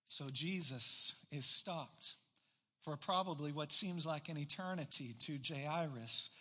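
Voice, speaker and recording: A man preaching a sermon, telling the story with animated, acted-out quotes. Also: fairly high pitch, big-room sound. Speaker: pastor.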